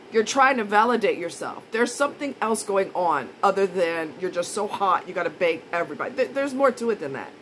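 A woman's voice: a little high, a bit bright, slight background noise, rough recording. A woman vlogger in a casual monologue, blunt and indignant, repeating her points for emphasis.

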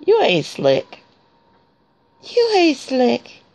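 A woman's voice: fairly high pitch, very animated, slow, gravelly, darkish tone, no echo. A woman talking to newborn puppies in teasing baby talk during a casual vlog. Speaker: pet groomer showing newborn puppies. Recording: dull lo-fi recording.

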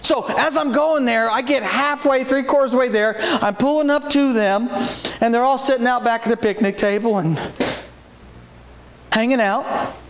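Brief: man, pastor, very high voice, folksy stories and shouted calls, echoey sanctuary. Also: normal speed, slight background noise. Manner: folksy storytelling with sudden shouted exhortations. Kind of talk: sermon. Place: church sanctuary. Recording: echoey church room.

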